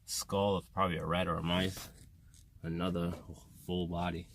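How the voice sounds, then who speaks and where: A man's voice: sits low, flat delivery, normal speed, slight background noise. A man casually walking through a car restoration project in a garage vlog, talking in a plainspoken, rambling way. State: out of breath. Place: home garage workshop.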